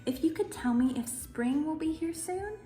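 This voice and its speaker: A woman's voice: high voice, lively intonation, moderate pace, warm tone, faint music behind, voice pushed up. A woman voicing a polite female skunk in a picture-book reading. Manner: polite and eager. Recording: roomy echo.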